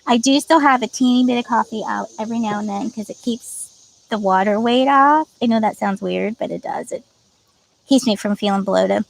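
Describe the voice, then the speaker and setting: A woman's voice: on the high side, moderate pace, gravelly, low-quality recording. A woman hosting a casual livestream, reading out viewer comments with lots of giggling and playful teasing. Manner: giggly, chatty, reads comments aloud and teases viewers. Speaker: livestream host.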